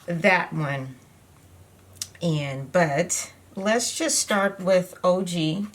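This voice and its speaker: Very slowly and in a lowish voice, a woman talks through a makeup tutorial from home. This beauty vlogger keeps the chat rambling and relaxed, leaning on lots of fillers.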